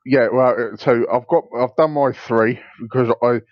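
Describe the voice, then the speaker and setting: A man's voice: medium pitch, fairly even intonation, moderate pace, dry recording. Hesitant man, dull dry recording. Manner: hesitant, lots of ums and restarts. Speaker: podcast co-host. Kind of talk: casual chat.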